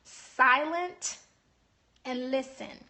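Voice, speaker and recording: High-voiced woman coaching couples. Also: very slow. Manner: emphatic, preachy, animated delivery with rhetorical asides. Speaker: marriage coach. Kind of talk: casual teaching talk to viewers.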